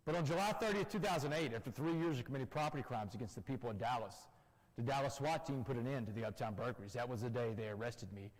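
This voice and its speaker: A man's voice: mid-range voice, quick pace. A man giving an emphatic personal testimony to an audience in a church, speaking to them directly. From Texas. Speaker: guest speaker. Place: church hall. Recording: long church-hall reverb.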